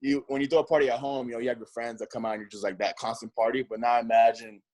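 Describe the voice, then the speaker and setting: A man chatting as an interview guest in a relaxed, rambling way full of fillers. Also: medium pitch, rapid-fire. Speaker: guest, nightlife host. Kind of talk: casual interview chat.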